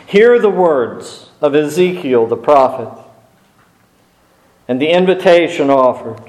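A man preaching a sermon in an earnest, measured way, with brief pauses and small restarts. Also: on the high side, lively intonation, darkish tone. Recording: echoey room.

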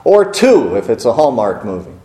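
A man's voice: mid-range voice, sing-song, moderate pace, mellow. A man preaching a sermon in a conversational way, with rhetorical questions and wry asides. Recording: roomy echo.

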